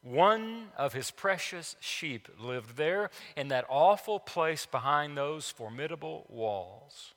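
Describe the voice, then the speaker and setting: Emphatic preacher with a bright voice. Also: male voice, on the high side, lively intonation, slow pace, hardly any pauses, in a large hall. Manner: emphatic, repeats key phrases, swings from loud to hushed. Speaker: pastor. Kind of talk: sermon. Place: church sanctuary.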